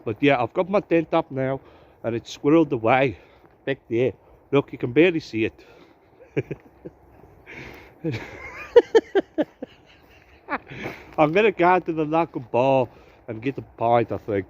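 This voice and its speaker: A man puts on a playful South African accent as he hosts his casual bushcraft vlog outdoors in the woods. His voice sits at an ordinary middle pitch, and the sound is a little dull and lo-fi. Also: normal speed, darkish tone. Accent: put-on South African. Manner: jokey, playful mock accent. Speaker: bushcraft vlogger host.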